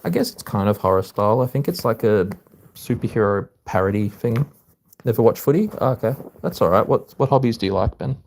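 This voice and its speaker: A man chatting casually with viewers on a live stream, relaxed and full of filler ums. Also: fairly low pitch, brisk, slight background noise. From Australia.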